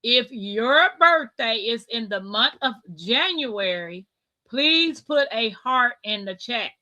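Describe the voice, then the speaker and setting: A woman's voice: a little high, animated, takes it slowly, sharp tone. A woman hosting a casual live chat, talking easily and reading viewer comments aloud. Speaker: livestream host.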